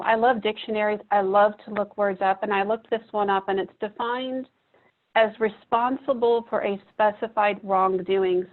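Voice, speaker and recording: Reflective woman, tinny audio. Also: mid-range voice. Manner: gentle, reflective, asks the audience questions. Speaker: presenter at a training. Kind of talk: teaching talk to therapists. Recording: muffled phone-like audio.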